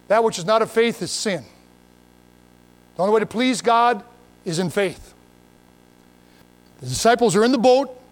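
A man's voice: high-pitched, expressive, moderate pace, pauses often. A pastor preaching a sermon in a folksy, emphatic way, full of repeats and asides, reading scripture and talking straight to his listeners.

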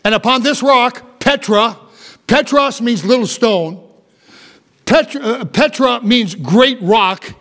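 A male pastor preaches to a church congregation in a fairly high voice. He talks in an animated way, with asides and quick restarts as he explains a passage. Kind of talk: sermon.

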